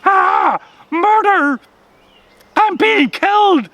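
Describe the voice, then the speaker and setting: Storybook rabbit, panicky and shrill, voiced by a male reader; bright, sharp tone. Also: huge pitch swings, takes it slowly, no echo, dull audio, exaggerated voice. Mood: terrified. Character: frightened, excitable male rabbit.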